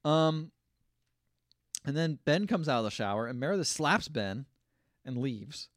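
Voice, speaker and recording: A man tells a movie plot on a podcast, and his pitch swings widely as he acts out the characters' lines. The sound is dry and close. He swears freely and keeps the chat casual. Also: unhurried, dry recording. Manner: animated storytelling, acts out lines with mocking quotes, swears. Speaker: podcast co-host recapping a film.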